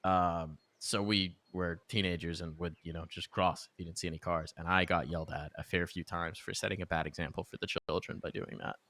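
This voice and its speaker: A man casting an esports match with a bright, forceful voice that sits a little low. He calls the action fast and energetic, leaping into sharp high shouts on big plays. Between rounds he slips into loose, rambling chat. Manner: energetic, jumps to high exclamations. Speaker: esports caster. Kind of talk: excited play-by-play commentary.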